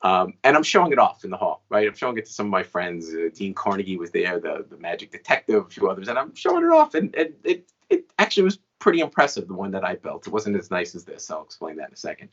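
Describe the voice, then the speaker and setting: Man, fifties, low voice, chatty storyteller, interview guest, muffled lo-fi audio. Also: huge pitch swings, fast talker, few pauses, a bit bright. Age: 50s. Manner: chatty, frequent "right?" asides. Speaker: guest magician and inventor.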